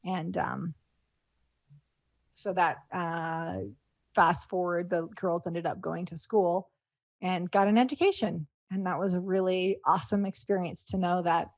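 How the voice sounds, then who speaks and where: A woman's voice: on the low side, steady tone, a little slow, no room sound. A middle-aged woman telling stories as a guest in an interview. She rambles, with many fillers and restarts, and is moved to tears as she talks. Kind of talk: casual interview talk.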